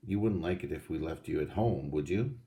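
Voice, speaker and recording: A man voicing a sensible, motherly older girl in a storybook reading; she speaks in a brisk, practical way. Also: rumbling low, dark tone.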